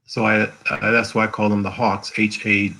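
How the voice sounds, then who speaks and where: A man from the American South, a guest author telling personal stories in an earnest, halting way, with many fillers, over a video call. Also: on the low side, flat delivery, bright, forceful tone, rough recording. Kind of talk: emotional personal storytelling.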